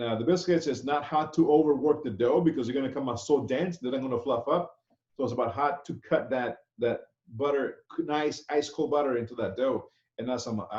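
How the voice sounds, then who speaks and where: A chef instructor teaches an online class in a loose, chatty style, often checking in with "okay?". His medium-pitched voice has a darkish tone, and the video-call audio sounds echoey and dull.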